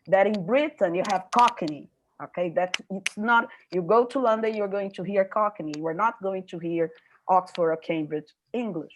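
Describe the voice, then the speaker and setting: A woman's voice: medium pitch, moderate pace, a little hiss or hum, rough recording. An older woman speaking as a panelist, reflective and often checking in with the listener. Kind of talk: panel discussion.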